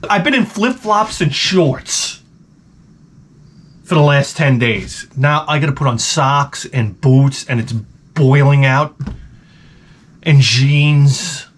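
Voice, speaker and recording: A man's voice: takes it slowly, pauses often, slight background noise. A man ranting casually to the camera, profane and wry, acting out quotes as he tells funny stories. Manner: animated storytelling, acts out quotes in a high voice. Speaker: vlogger. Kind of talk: casual comedic rant.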